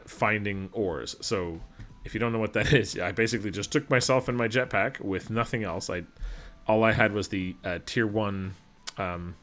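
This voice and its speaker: A man's voice: on the low side, a bit bright. A man from Alberta giving casual, rambling, self-deprecating commentary over a video game as host of his channel. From Alberta, Canada.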